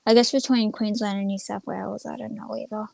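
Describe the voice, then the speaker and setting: A woman's voice: mid-range voice, little pitch movement, fairly quick, vocal fry, darkish tone, slight background noise. A young woman chatting casually on a livestream, rambling and retelling stories with lots of "I'm like.". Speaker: streamer.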